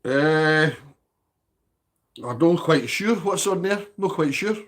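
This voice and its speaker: A Scottish man holds a relaxed live-stream chat from his home, his voice sitting a little higher than most men's. He natters on to his viewers, reads their comments out loud and keeps nudging them for likes. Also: slow.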